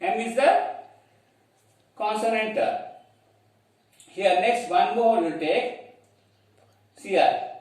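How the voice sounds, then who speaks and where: A man's voice: high-pitched, slow, long pauses, darkish tone. A man with a Telugu-accented English teaching a grammar lesson, spelling words letter by letter and checking in with the children. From India. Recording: echoey room, distant mic.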